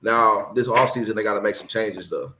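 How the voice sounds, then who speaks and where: Male guest on a sports show, low-pitched voice, laid-back and easygoing. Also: fairly quick, sharp tone, a little hiss or hum. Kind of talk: casual sports talk.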